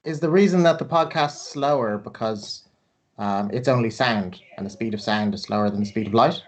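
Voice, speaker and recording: A man's voice: lowish voice, normal speed. Dry-joking Irish man recapping. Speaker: player. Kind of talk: casual chat recapping a game.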